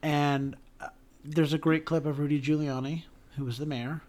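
Male podcast co-host, a bit high-pitched, animated and earnest, theater talk. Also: moderate pace. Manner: animated, emotional, talks through restarts. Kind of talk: casual podcast chat about theater.

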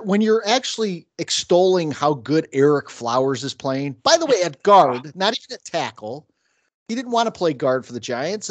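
A man's voice: high voice, no echo. A middle-aged man with an upstate New York accent, hosting a casual sports chat and ranting about his team. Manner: ranting, mimics fans in sudden bursts. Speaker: podcast host.

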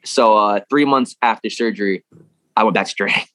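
A young man speaking quickly in a slightly low voice, telling his story in a loose, rambling way with plenty of swearing. The recording is dry and close, with no room sound. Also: a bit bright, no room sound. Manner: rambling, profane, laughs through story. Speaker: guest. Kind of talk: casual storytelling interview.

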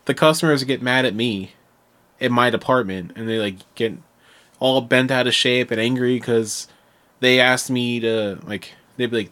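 Animated storytelling man, casual chat. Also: moderate pace. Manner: animated storyteller, acts out customers in a high put-on voice. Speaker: podcast co-host.

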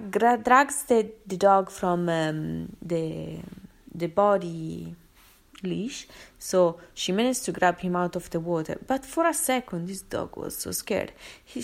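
A woman vlogger rambling through a personal story in a casual, chatty way, with many fillers and restarts. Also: mid-range voice. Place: London.

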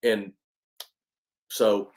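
A man's voice: extremely slow, darkish tone. A man from East Texas, a country singer telling his story as an interview guest in a casual, emphatic way with many restarts.

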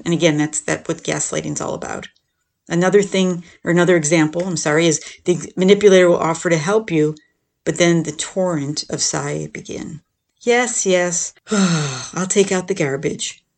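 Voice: medium pitch, creaky. A podcast host explaining things in a casual, conversational way, often checking in with "right?" and "you know". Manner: acts out quoted lines in a lifted, animated voice. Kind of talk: casual explanatory talk on relationships.

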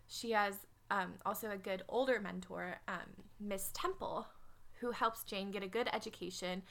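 A young woman talking through a classic novel in a relaxed podcast chat. Her voice sits at an ordinary middle pitch. She is chatty and wry, with frequent fillers and quick asides. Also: gravelly. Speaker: podcast co-host. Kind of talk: casual book discussion.

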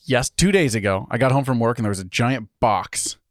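A man's voice: medium pitch, lively intonation, fairly quick, no room sound, studio quality. A man in his thirties co-hosting a podcast in casual chat, rambling with frequent laughs and trailing off mid-sentence. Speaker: podcast co-host.

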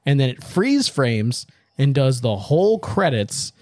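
A man co-hosting a podcast who laughs a lot and retells movie scenes in an animated way. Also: medium pitch, a little slow, no room sound. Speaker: podcast co-host. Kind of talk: casual movie-review chat.

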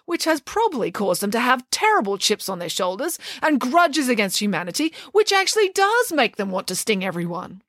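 A grandiose, self-assured pig nanny from a storybook reading, emphatic and opinionated, her voice bright and lively in pitch, as a woman puts her on. Dry, close recording. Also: fairly quick, few pauses, no echo.

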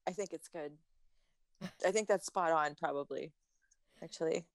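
A woman's voice: low-pitched, moderate pace, creaky, dry recording, clean studio sound. A woman cohosting a podcast in casual chat, laughing often and slipping into mock-tough asides.

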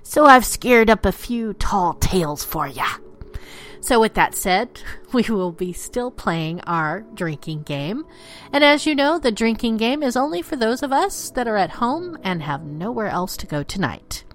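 Playful woman host spinning dark legends. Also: medium pitch, sing-song, unhurried, faint music behind. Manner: playful, theatrical, slips into pirate talk. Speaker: podcast host. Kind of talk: storytelling narration of dark legends.

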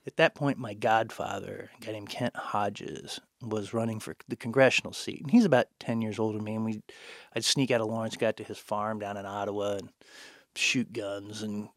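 A man's voice: on the low side, steady tone, moderate pace, no echo. Older man, casual podcast storyteller, laughs a lot, salty language, dry close sound. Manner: rambling, laughs often, swears freely. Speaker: podcast guest, bookstore owner.

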